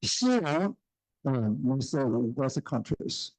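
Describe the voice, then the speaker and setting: A man's voice: mid-range voice, sing-song, drawn-out words, darkish tone, no room sound, poor audio. A male professor from China lecturing in English, hesitant with many fillers, often checking in with the audience. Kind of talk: university lecture. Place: lecture room.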